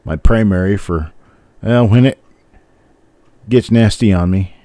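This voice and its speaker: A man's voice: lowish voice, a little slow, warm tone, dry recording. An older man with a general American accent, hosting a live stream and chatting casually with viewers in a rambling, easygoing way. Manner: rambling, easygoing, chuckles often. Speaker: host of a live coin roll hunt stream.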